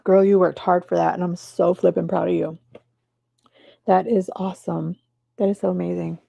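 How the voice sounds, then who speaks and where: Chatty woman streamer, gravelly and mellow. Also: normal speed, slight background noise. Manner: chatty, bursts into high excited cheering. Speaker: live-stream host. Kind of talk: casual live-stream chat. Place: home desk. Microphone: clip-on mic in her shirt.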